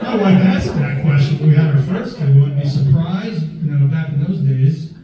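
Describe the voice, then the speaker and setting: A man's voice: a little high, animated, normal speed. A middle-aged man doing a stand-up comedy set with a brash, chatty, punchy delivery full of asides, recorded live in a comedy club from a distance. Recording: live club recording from far off, echoey, dull, with a loud crowd. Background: audience laughter.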